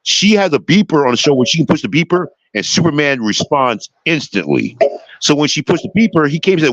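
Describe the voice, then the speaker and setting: A man's voice: on the high side, very animated, quick pace, fairly bright tone, no room sound. A man hosting a casual chat, talking with enthusiasm and rambling, with many restarts, over a slightly dull lo-fi mic. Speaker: show host. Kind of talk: casual chat about a TV show.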